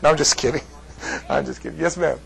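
Male Bible teacher, higher voice, loose and chatty with the class. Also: quick pace, gravelly, rough recording. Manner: chatty, jokey asides to the class.

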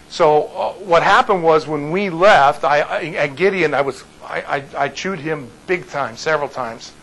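Male pastor, storytelling from the pulpit, somewhat high voice, faint background noise, lots of restarts. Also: rough recording. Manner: animated, frequent restarts and repeated words. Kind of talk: storytelling talk to a congregation.

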